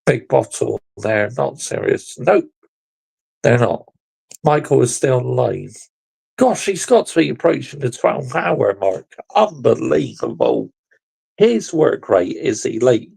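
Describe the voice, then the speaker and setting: A man's voice: mid-range voice, very animated, takes it slowly, vocal fry, darkish tone, slightly rough, low-quality recording. A young man hosting a casual football reaction chat, laid-back and amused. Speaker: host.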